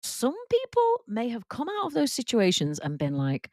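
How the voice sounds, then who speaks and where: A woman hosting a casual solo podcast, telling embarrassing work stories and acting out quotes in a higher voice, laughing at herself. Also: moderate pace, few pauses, dry recording, studio quality. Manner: animated, acts out quotes in a higher voice. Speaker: podcast host and work confidence coach.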